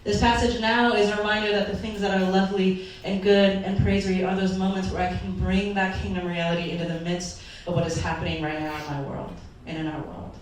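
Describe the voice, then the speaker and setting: A woman's voice: medium pitch, flat delivery, brisk, few pauses, a little hiss or hum. A woman pastor giving an earnest, emotional sermon, her voice sometimes wavering as if near tears. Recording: echoey hall from far off.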